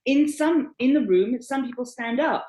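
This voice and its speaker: A woman moderating a panel, reading a prepared personal account aloud with expressive emphasis on key words, then handing over the floor. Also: high voice, normal speed, roomy sound, poor audio.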